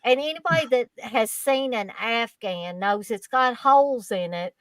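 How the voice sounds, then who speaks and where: A woman guest on a casual horror podcast, telling a childhood story in an easygoing, unhurried way. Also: fairly high pitch, a bit bright, no room sound.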